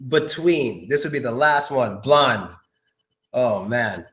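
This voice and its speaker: A man's voice: mid-range voice, lively intonation, slow pace, a bit bright, reverberant, a little hiss or hum. A man teaching English in a casual live lesson, joking and thinking aloud as he goes.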